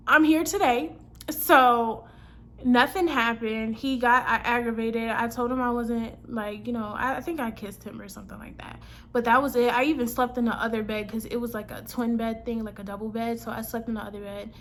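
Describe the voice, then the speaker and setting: A woman's voice: on the high side, fairly bright tone, a little hiss or hum. A woman in her twenties telling a personal story in a casual storytime vlog, chatty and slangy, acting out her own lines and other people's. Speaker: vlogger.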